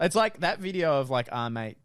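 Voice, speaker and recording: Animated young man telling stories. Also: fairly high pitch, brisk, clear, resonant tone, no echo, studio quality. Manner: animated storytelling, swearing, laughing. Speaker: podcast co-host. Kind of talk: casual chat.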